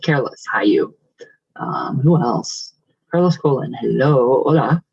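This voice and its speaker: A man chatting casually on his vlog, effusive and rambling as he reads out viewer comments with lots of warm thanks. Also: mid-range voice, lively intonation, a little slow, vocal fry, breathy edge, highs cut off. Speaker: vlogger.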